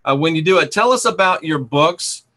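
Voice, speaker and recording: A man's voice: on the high side, animated, normal speed, sharp tone. A man hosting an interview, affirming his guest and asking probing questions. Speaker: host. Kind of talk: conversational interview.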